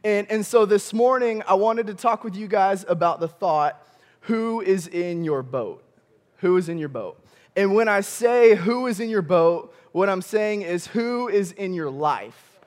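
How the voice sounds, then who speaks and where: A young male campus pastor from Michigan, preaching a sermon with animated storytelling, often chuckling and calling out to the congregation. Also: high-pitched, unhurried. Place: church auditorium.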